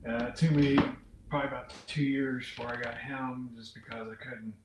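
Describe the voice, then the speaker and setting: A man's voice: mid-range voice, level tone, a little fast, echoey room, very noisy. A man hosting an unscripted livestream, chatting casually and reading out viewers' comments as he rambles. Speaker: livestream host. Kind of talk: unscripted live chat with viewers.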